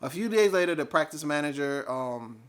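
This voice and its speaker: A man telling a personal story casually, animated and full of fillers. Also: on the high side, fairly quick, clean tone. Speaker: vlogger.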